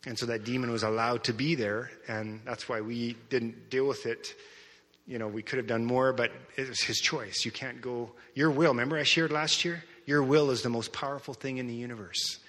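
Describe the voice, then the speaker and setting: A man's voice: medium pitch, fairly even intonation, moderate pace, a bit bright. A middle-aged man, a pastor, preaching a sermon in a conversational storytelling way. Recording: long hall reverb.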